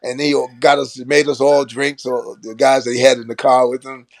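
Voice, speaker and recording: An older man tells a long story on a podcast, putting on voices for the people in it and laughing along. His voice sits at an ordinary middle pitch and is recorded close and dry, with no room sound. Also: moderate pace, creaky, dry recording. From Brooklyn, New York. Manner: animated anecdote-telling with laughs and acted quotes. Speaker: podcast guest. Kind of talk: storytelling in casual chat.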